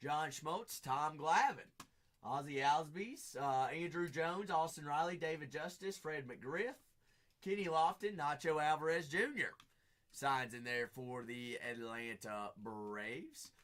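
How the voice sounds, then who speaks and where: Slow and a bit bright, a fairly high male voice hosts a live card-break stream. The American man talks up the leftover slots in upbeat sales patter, repeating phrases and chatting casually with those watching.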